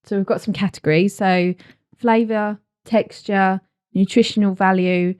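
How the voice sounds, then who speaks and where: A woman in a relaxed podcast chat, laughing easily and steering the talk from one rating to the next. Her voice sits at an ordinary middle pitch, casual and friendly. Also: moderate pace, clean tone. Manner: laughs often, keeps the review on track. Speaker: podcast co-host. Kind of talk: casual chat, cereal review.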